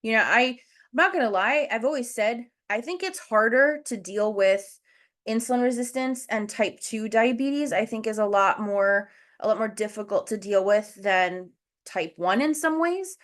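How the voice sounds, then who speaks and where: On a video call, a breathless woman hosts a casual educational livestream in a slightly high, somewhat bright voice, animated and at normal speed. She's chatty, walks through things step by step, and speaks straight to the chat.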